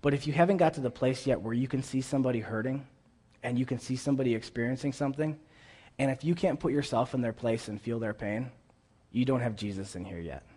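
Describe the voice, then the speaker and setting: A man's voice: mid-range voice, fast talker, mellow, husky. A man preaching a sermon in an earnest, conversational way, often repeating himself as he reads scripture aloud.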